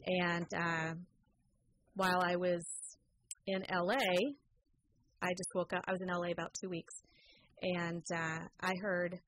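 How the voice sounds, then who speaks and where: A woman's voice: on the low side, unhurried, long pauses, slight background noise, poor audio. A middle-aged woman, an interview guest, telling a personal story in a chatty way with many fillers. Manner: lively, acts out quoted voices; frequent fillers. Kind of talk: conversational storytelling.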